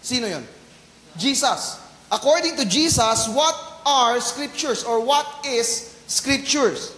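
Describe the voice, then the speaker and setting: High-voiced Filipino pastor in an echoey hall. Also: male voice, lively intonation, fairly bright tone. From Philippines. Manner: switches between English and Tagalog, asks the congregation questions; stresses key words by slowing down. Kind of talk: sermon. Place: church hall. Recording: echoey church hall reverb.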